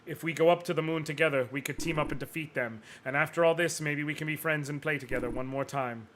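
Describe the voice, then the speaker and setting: A man's voice: fairly high pitch, steady tone, fast, a little hiss or hum, natural voice. A man voicing an arrogant, cruel villainous knight from a game, reading the lines theatrically with music playing behind him. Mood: remorseful. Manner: theatrical, gloating, swings to shouting rage. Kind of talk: dramatic reading of game dialogue.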